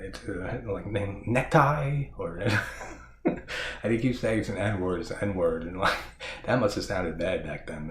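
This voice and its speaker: A man with a very low voice chats loosely about a movie he loves, laughing often and restarting his sentences. He now and then acts out lines in raised, jokey voices. The sound is roomy, with a faint hiss underneath. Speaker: horror movie channel host. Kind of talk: casual film discussion.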